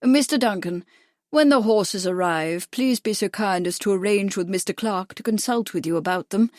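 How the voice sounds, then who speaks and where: A woman's voice: mid-range voice, normal speed, darkish tone, no room sound, clean studio sound, natural voice. A woman voicing a foppish upper-class English lord with an exaggerated posh lisp and a fatuous, expansive manner, in an audiobook. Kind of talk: audiobook character voice.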